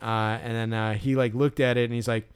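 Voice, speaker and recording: A man's voice: medium pitch, level tone, fairly quick, clear, resonant tone. A man co-hosting a podcast, telling a story in casual chat with lots of fillers and restarts. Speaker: podcast co-host.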